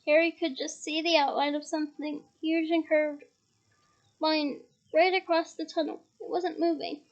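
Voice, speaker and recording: A woman reading a novel aloud in a steady storytelling manner with small restarts. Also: high voice, moderate pace, dull audio. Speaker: reader.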